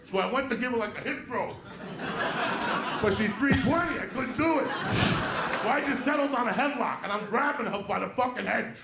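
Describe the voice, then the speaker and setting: Gravelly, profane stand-up comedian man. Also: very high voice, fairly quick, very noisy. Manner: profane, animated, shouting bursts. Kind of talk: stand-up storytelling. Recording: live club show with audience laughter. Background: audience laughing.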